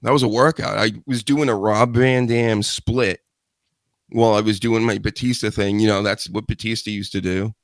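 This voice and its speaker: A man riffs solo on his show, rambling from one joke to the next with crude asides. His voice sits a little low, and the studio mic sounds close and dry with no room echo. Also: little pitch movement, moderate pace. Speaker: show host. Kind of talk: solo radio-style chat show.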